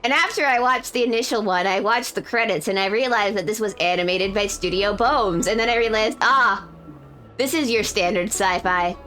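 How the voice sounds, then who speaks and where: A woman's voice: medium pitch, moderate pace, bright, forceful tone, faint music behind. Rambling woman streamer chatting casually. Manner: rambling, self-correcting, laughs often. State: feeling unwell. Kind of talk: casual chat on a live stream.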